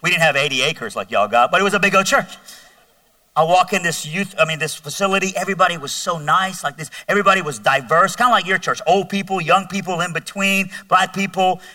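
A man telling his testimony from a church stage, chatty and animated, and poking fun at himself. His voice is bright and forceful, pitched a little high. He sounds some distance from the microphone. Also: a little fast, no echo. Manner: animated, conversational, self-mocking humor. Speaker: guest speaker giving testimony. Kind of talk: sermon testimony storytelling.

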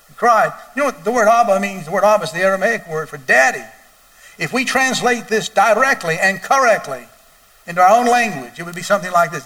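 A male pastor preaching a sermon, moving from quiet storytelling to loud, wailing emphasis. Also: high-pitched, lively intonation, brisk, recorded from a distance.

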